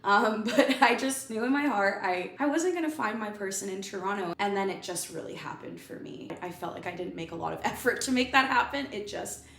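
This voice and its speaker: A woman telling a personal story in a casual chat, animated and often laughing. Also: medium pitch, fairly quick, few pauses, a little hiss or hum. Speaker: guest. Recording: echoey room, faint background ambience.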